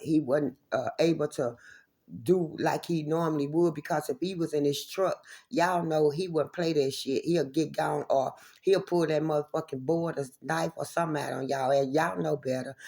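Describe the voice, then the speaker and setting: Woman, raspy voice, rough fry, swearing, repetitive, talking to camera. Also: sits low, mellow. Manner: profane, confrontational, repeats herself. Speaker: vlogger addressing viewers. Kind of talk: angry direct-to-camera monologue.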